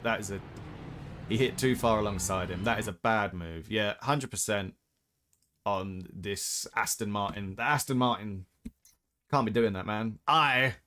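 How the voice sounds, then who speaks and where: A man's voice: on the low side, fairly bright tone. A man giving blunt, opinionated casual commentary as he reacts to racing clips, often ranting.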